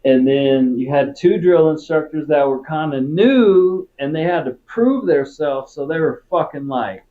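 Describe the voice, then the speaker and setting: A man's voice: a little high, animated, unhurried, narrow, tinny audio. A man from Texas, a former Marine, telling stories in a casual interview in a laid-back, profane way. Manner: profane, laid-back, peppers talk with "dude" and "right?".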